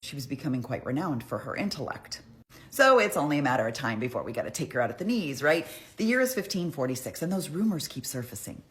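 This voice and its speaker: A woman's voice: a bass voice, very animated, fast. A woman telling a history story in a casual, irreverent, profane, chatty way.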